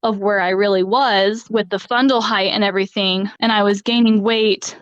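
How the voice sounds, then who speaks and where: A woman recounting her pregnancy experiences in an interview, candid and quick to laugh between phrases. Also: mid-range voice, steady tone, clear, resonant tone, dry recording. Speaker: podcast guest. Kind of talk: personal story in an interview. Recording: slightly dull dry sound.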